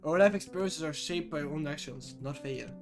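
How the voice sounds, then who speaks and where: A man's voice: brisk, faint music behind, close to an everyday voice. A man voicing a cold, aloof young male student who speaks curtly and dismissively. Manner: curt, dismissive, lower voice.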